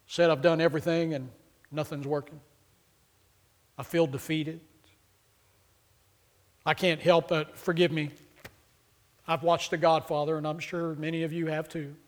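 A man preaching a sermon with fervent delivery, rising to loud emphatic peaks and dropping low, acting out the voices of scripture characters. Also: flat delivery, moderate pace, long pauses.

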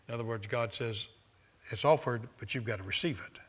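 In a church sanctuary before a live congregation, a male pastor delivers a sermon in a husky, mid-range voice at a slightly fast pace. He switches from reading book passages aloud to casual talk, posing questions and getting the people to echo a line.

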